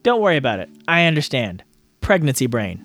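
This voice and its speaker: A man's voice: medium pitch, very animated, a little fast, a bit bright, voice pushed down. Man reading young man, dry sarcastic humor, teasing quips, storybook reading, faint music behind. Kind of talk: audiobook reading.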